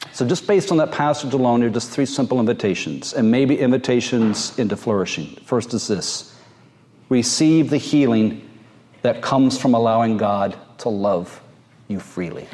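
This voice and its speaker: A man, a pastor, preaching a sermon in a slow, gentle and earnest way, with drawn-out pauses. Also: medium pitch.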